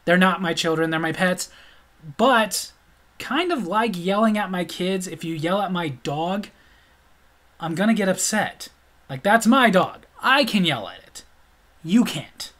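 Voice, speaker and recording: A man's voice: high voice, animated, unhurried, a bit bright. Blunt, sarcastic middle-aged man. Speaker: storyteller. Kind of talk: casual storytelling vlog.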